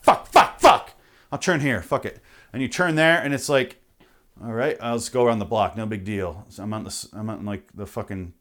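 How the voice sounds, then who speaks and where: Swearing, ranting male comedy host. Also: medium pitch. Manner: profane, animated ranting with frequent self-interruptions. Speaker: podcast host. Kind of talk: comedic rant.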